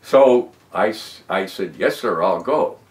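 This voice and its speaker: A U.S. war veteran in his nineties tells his story in an oral history interview, speaking slowly. He's an animated, emphatic storyteller whose pitch and loudness rise and drop. His voice sounds reverberant and distant, off the mic.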